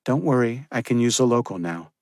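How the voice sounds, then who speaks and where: A man voicing a fierce, caring young woman medic in an audiobook, raising his voice higher for her. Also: lively intonation, brisk, a little mellow, no room sound, clean studio sound, lightly acted. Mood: urgent, teasing. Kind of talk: audiobook character reading.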